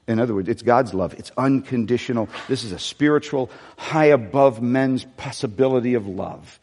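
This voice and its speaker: A man's voice: medium pitch, lively intonation, brisk, hardly any pauses, slightly rough. A male pastor preaching a sermon in a conversational way, with folksy asides. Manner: conversational, with folksy asides and dramatic soft-voiced quotes. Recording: long reverb of a large hall.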